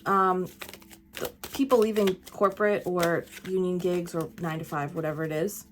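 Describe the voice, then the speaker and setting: A woman's voice: on the low side, steady tone, normal speed, slight background noise. A woman giving a tarot reading in a casual, emphatic way, talking straight to the viewer and swearing now and then. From United States. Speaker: tarot reader.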